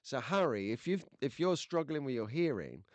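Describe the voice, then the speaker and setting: A man's voice: medium pitch, very animated, moderate pace, dry recording. A man hosting a casual livestream, chatting to viewers and reading their comments in a jokey, rambling way with lots of fillers. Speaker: livestream host. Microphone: desk microphone close to the face.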